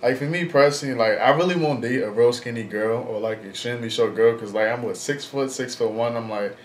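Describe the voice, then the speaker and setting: A man's voice: mid-range voice, brisk. A man in his twenties talking casually in a vlog, rambling with lots of fillers and slang, blunt and frank. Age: 20s. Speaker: vlogger. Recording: echoey room, faint background noise.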